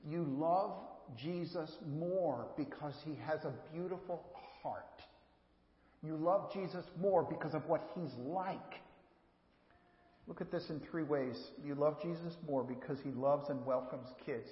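A man giving a sermon as pastor, earnest and repeating words for emphasis, often speaking straight to the children. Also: a little high. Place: church sanctuary. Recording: echoey hall, dull lo-fi sound.

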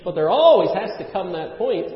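A man's voice: high voice, sing-song, normal speed, roomy sound, in a large hall, highs cut off. A man preaching a sermon, earnest and emphatic, often restarting his sentences. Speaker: pastor.

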